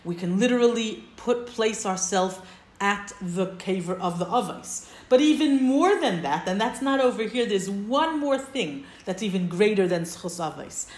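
A woman's voice: medium pitch, lively intonation, normal speed. A woman teaching a text-study class, explaining step by step and checking in with her listeners. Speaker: Torah teacher. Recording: roomy echo.

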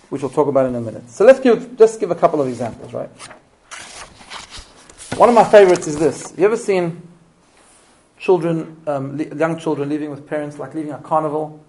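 Before a room full of parents, a middle-aged man who immigrated to Australia gives a live talk in a slightly raised, somewhat high voice, captured on poor audio. He narrates with lively energy shifts, frequently restarts sentences, and keeps asking quick rhetorical questions.

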